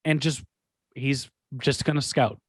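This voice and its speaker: A man co-hosting a sports podcast, telling stories in a rambling, animated way full of restarts. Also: medium pitch, unhurried, no room sound. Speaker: podcast co-host. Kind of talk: casual sports talk.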